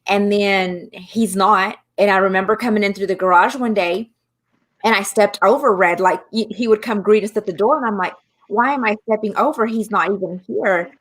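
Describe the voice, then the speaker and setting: A woman co-hosting a casual talk show, telling a story in a relaxed, rambling way. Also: mid-range voice, moderate pace. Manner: relaxed, rambling, lots of fillers. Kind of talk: casual chat.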